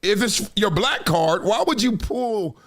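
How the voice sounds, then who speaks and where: A middle-aged man hosting a live sports talk show, animated and emphatic, often laughing. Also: high voice, a little slow. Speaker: host.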